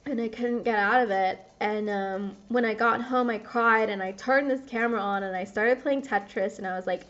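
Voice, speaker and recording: Young woman, confessional gaming vlogger; rambles, swears freely, keeps cutting herself off. Fairly high voice, dull lo-fi audio. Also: unhurried. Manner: rambling, swears often, self-interrupting.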